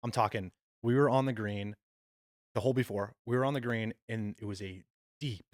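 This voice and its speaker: A man's voice: lowish voice, moderate pace, no echo, clean studio sound. A young man on a podcast, casually telling a story with lots of swearing, "dude" and "like.". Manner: animated, swearing, frequent "dude" and "like". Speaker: podcast co-host.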